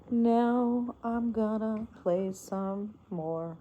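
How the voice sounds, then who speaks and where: A woman chatting softly to her pets and viewers in doting baby talk, sometimes singing a lullaby. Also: mid-range voice, lively intonation, a little slow, vocal fry, long pauses, slight background noise. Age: adult with a daughter. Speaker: pet vlogger. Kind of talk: casual chat to pets and viewers.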